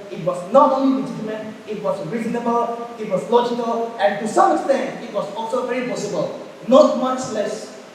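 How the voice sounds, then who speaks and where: A young man with a Naga accent giving a formal, emphatic debate speech as a competing speaker. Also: high voice. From Nagaland, India. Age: young adult. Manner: rhetorical, emphatic, building to forceful points. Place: school hall. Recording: echoey hall, distant mic, faint hiss.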